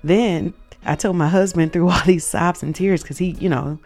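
A woman's voice: on the low side, fairly even intonation, moderate pace, a little mellow, soft background music. A woman hosting a show, earnestly telling a personal faith story, reflective and emotional at its peaks.

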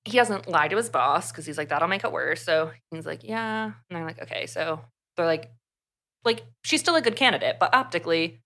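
Chatty young woman with a bright voice. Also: fairly low pitch, normal speed. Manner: chatty, animated retelling with lots of "like". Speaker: podcast co-host. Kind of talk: casual book review chat.

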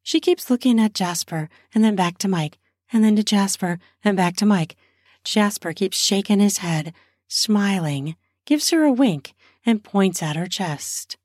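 A woman's voice: on the low side, a little mellow, no echo, clean studio sound. A woman improvising an erotic story off the cuff, narrating in a spontaneous, conversational way.

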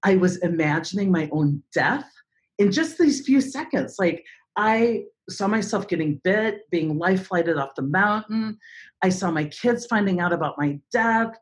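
A woman's voice: medium pitch, a little slow. A woman in her forties, a speaker and trainer, telling a dramatic story as an interview guest and acting out other people's voices. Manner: animated, dramatic storyteller who acts out voices.

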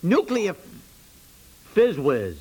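An actor playing a fussy, easily flustered middle-aged husband in a 1950s radio comedy, sputtering and indignant. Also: male voice, high-pitched, huge pitch swings, slow pace, darkish tone, husky, exaggerated voice, poor audio.

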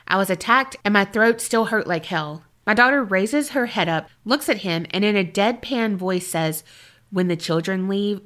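A woman podcast co-host reading a listener's paranormal story aloud and chatting, expressive and jokey. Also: mid-range voice.

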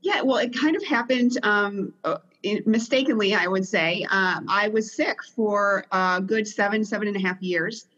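A woman's voice: medium pitch, normal speed, a bit bright, dull audio. A woman author being interviewed as a podcast guest, telling her story in a hesitant, reflective way. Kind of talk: interview conversation.

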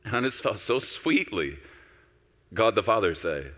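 A man pastor preaching a sermon on a stage, shifting from quiet storytelling to loud, urgent exhortation. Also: on the low side, moderate pace, in a large hall. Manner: animated, swinging from soft storytelling to loud exhortation. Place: large church auditorium with stage.

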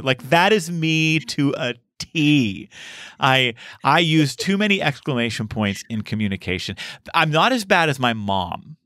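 Podcast host guy, lively voice that jumps around, laughs a lot, dry close mic. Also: medium pitch, a little slow, dry recording. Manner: animated, laughs easily. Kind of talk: casual podcast chat.

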